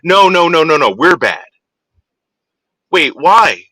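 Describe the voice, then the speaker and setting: A man's voice: a little high, big pitch swings, takes it slowly, bright, forceful tone, no echo, heavily acted. A man voicing a flustered parent who stammers and hesitates while explaining.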